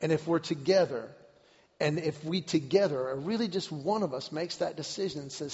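Gravelly high-voiced male preacher. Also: moderate pace. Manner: animated storyteller who repeats words and shouts the climaxes. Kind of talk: sermon with personal storytelling. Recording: dull recording with long hall reverb.

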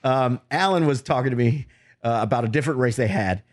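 A man on a comedy podcast telling a story in a relaxed, loose way. His voice sits in an ordinary middle pitch, and he laughs along with his co-host. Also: fairly quick, dry recording. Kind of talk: casual comedic chat.

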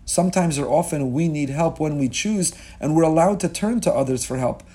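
A man's voice: on the high side, fairly quick, warm tone, husky. A man giving a sermon as a rabbi, impassioned and rhetorical, repeating key words for emphasis and mixing Hebrew and Yiddish terms into his talk. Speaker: rabbi teaching a class.

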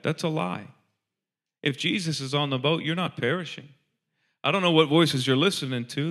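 Guy preaching at church, bright ringy voice, worship leader energy, lots of amens. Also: medium pitch. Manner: builds from quiet storytelling to fervent preaching; frequent "amen", rhetorical questions. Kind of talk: sermon between worship songs.

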